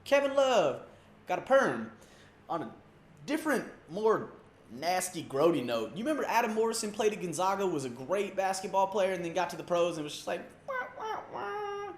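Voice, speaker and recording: A man's voice: high-pitched, sing-song, brisk, slight background noise. A man hosting a comedic sports rant, loose and slangy, mocking and rambling. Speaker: comedy sports show host. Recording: roomy echo.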